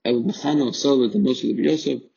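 Gravelly man teaching a Torah text. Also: medium pitch, steady tone, quick pace, warm tone. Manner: reads Hebrew then explains in English, with fillers and restarts. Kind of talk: text study lesson, translating Hebrew line by line. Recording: muffled lo-fi recording.

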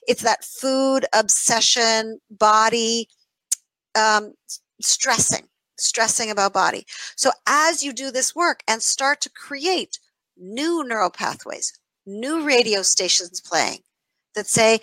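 High-voiced woman explaining warmly. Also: slow pace, no room sound, poor audio. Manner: animated, acts out inner voices, says "right?" often. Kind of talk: conversational explaining in an interview.

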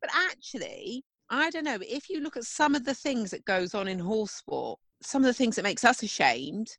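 A woman's voice: a little high, big pitch swings, normal speed, fairly bright tone, no echo. Woman co-host, 30s, English, blunt, swears, close dry mic. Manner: blunt, swears freely, down-to-earth. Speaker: podcast co-host. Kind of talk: casual chat.

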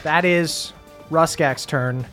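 A man narrating a tabletop game as game master, relaxed, often laughing, with frequent ums. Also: on the high side, slow, soft background music.

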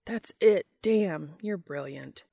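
A woman's voice: lowish voice, fairly even intonation, moderate pace, gravelly, dry recording. A woman reading an audiobook, voicing a cheerful, teasing young man in an easygoing way.

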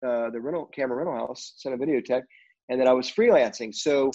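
A middle-aged man spins a casual, meandering story, pausing often on fillers and restarts. His voice sits at an ordinary pitch for a man. The recording is a bit dull and lo-fi. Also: warm tone. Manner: rambling, heavy on fillers like "you know". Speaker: film crew guest.

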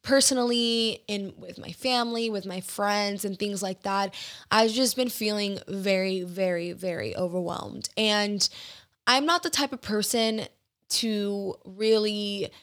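A young woman talks through her solo podcast in a relaxed, confiding way. She rambles from one thought to the next and fills the gaps with little fillers. Her pitch sits in a middle range, and her tone is open and personal. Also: a little slow. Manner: chatty and confiding, with filler words. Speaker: podcast host. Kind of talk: casual solo podcast chat.

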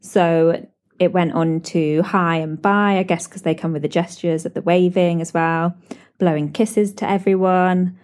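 A British woman hosting a podcast, telling animated stories with lots of laughs. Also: on the low side, unhurried. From Britain. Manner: animated storytelling with frequent laughs and "like". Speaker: podcast host. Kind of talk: chatty solo podcast catch-up.

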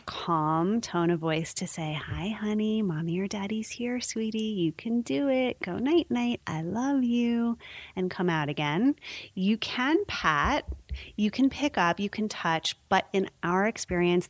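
A woman's voice: fairly low pitch, dry recording. A woman explaining infant sleep habits in a casual chat, often acting out little voices for babies and parents. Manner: warm explanatory, acts out baby and parent voices. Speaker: sleep consultant guest.

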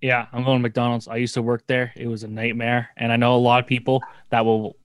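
A man's voice: medium pitch, completely flat delivery, fairly quick, clear, resonant tone, dry recording, studio quality. A man on a podcast panel in casual chat, giving blunt, jokey opinions.

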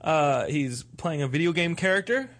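A man's voice: a little high, sing-song, normal speed, a bit bright. A man from Texas hosting a casual interview, joking and rambling through stories with many restarts. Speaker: host.

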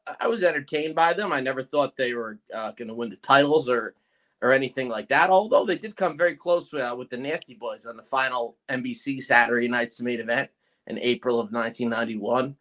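A man in his forties hosting a podcast in a relaxed, rambling way. His voice sits at an ordinary middle pitch, and he often stops to restart a thought with fillers and repeated words. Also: brisk. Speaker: podcast host. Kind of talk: casual chat.

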